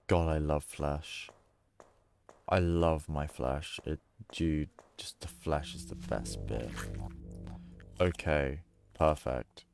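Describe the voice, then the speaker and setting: A man's voice: rumbling low, steady tone, slow, creaky, long pauses, darkish tone, faint music behind. A man streaming a horror game, joking and chatting casually with plenty of swearing. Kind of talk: gaming stream commentary.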